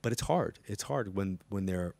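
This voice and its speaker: A middle-aged man, a psychic medium guest, telling anecdotes in an animated way and acting out the dialogue, in a studio interview before a live audience. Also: low-pitched, normal speed, creaky, dry recording. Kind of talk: storytelling interview chat.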